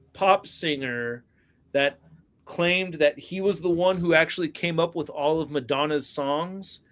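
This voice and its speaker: Rambling casual man with a higher voice. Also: a bit bright. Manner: rambling, laughs often, swears. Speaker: podcast host. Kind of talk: casual chat about action figures.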